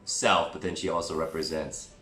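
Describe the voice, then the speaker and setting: A man's voice: very deep voice, flat delivery, normal speed, pushed and bright. A man giving a chatty, digressive movie review vlog, with self-deprecating asides. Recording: roomy echo with faint music.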